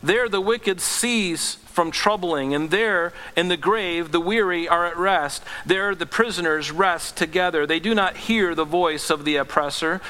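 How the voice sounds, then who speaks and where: Earnest pastor preaching in a reverberant hall. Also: male voice, unhurried, few pauses. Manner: earnest, rises to impassioned pleading then drops low and gentle. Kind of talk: sermon.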